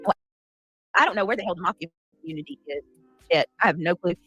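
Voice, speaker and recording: Sassy lively woman livestream host. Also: lowish voice, fast, breathy edge, no echo, lo-fi sound, soft background music. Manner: chatty, sassy, thanks viewers by name. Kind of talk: casual livestream commentary.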